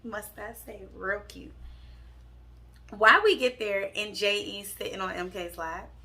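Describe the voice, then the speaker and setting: Speaking straight to her audience, this young vlogger from Pittsburgh tells a storytime with frank, sassy energy. There's a bright, forceful edge to her voice over a gravelly fry, pitched in the middle range and paced in a measured way.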